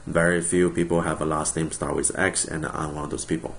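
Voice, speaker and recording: A young male instructor with a low, deep voice speaks close to the mic. He talks in a friendly, jokey way, full of ums and quick self-corrections. A faint hiss sits behind him. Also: level tone. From China. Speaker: college instructor. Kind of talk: recorded course introduction video.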